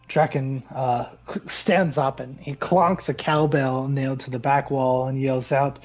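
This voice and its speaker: A man's voice: mid-range voice, fairly even intonation, unhurried, a little mellow, soft background music. A man narrating as game master in a loose, casual way, with fillers and laughs.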